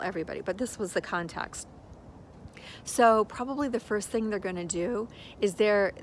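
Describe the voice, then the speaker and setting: Older woman musing gently, rambling. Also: medium pitch, a little hiss or hum. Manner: rambling, gentle, storytelling with acted-out quotes. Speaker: spiritual teacher. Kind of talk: reflective spoken monologue.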